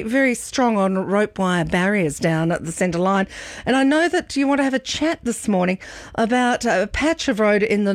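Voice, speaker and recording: A woman's voice: medium pitch, no echo, studio quality. A woman hosting a radio interview, speaking hesitantly with many fillers. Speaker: radio host.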